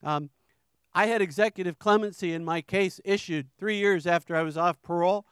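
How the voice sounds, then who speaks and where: A middle-aged man from New York shares his testimony in church. His voice sits high and comes across smooth and clear. He speaks earnestly, stumbling and repeating words, and the recording is close and dry. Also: brisk, fairly bright tone, no room sound. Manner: earnest, repeats words and restarts, emotional emphasis. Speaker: ministry founder giving testimony.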